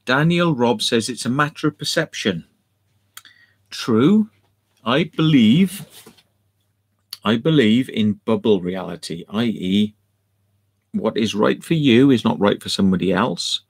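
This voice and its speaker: A man's voice: medium pitch, expressive, a little slow, pauses often, slightly rough. A man rambling sardonically to camera, swearing freely as he goes. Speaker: video host. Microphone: camera mic.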